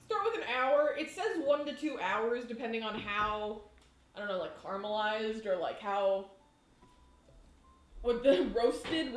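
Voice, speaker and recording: A woman chatting casually on a live cooking stream in her home kitchen, rambling and laughing often. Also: fairly high pitch. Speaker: baking streamer. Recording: echoey room.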